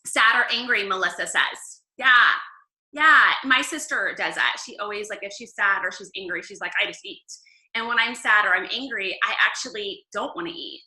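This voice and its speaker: A woman leading a casual Bible study talk, chatty and upbeat, laughing often and filling pauses with "um.". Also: mid-range voice, pushed and bright, roomy sound, poor audio.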